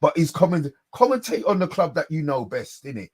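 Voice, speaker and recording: Excitable man ranting on a fan stream. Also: on the high side, brisk, breathy edge. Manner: excitable, slangy, swears, repeats himself. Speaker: podcast co-host. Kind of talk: casual fan chat on a live stream.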